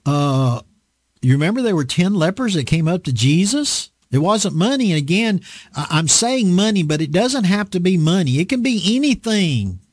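A man's voice: high-pitched, big pitch swings, normal speed, no room sound, studio quality. A man preaching a casual, conversational sermon, folksy and emphatic, often repeating his points.

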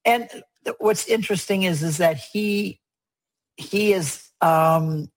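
A man talks through religious imagery in an earnest, emphatic way, circling back to repeat what matters. His voice sits a little high and has a husky edge. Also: slow, poor audio. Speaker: guest speaker on religious art. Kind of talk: conversational explanation.

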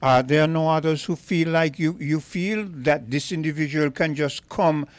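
Radiomoderator mit trockenem Studioklang. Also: male voice, fairly high pitch, no room sound. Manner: measured, questioning, hesitant starts. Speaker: radio talk show host. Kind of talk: radio talk show.

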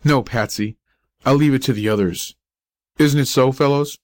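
A man reading the part of a grieving young male athlete who speaks gently and in a subdued, lowered voice. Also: moderate pace, no room sound, close to an everyday voice. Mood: grieving, gentle.

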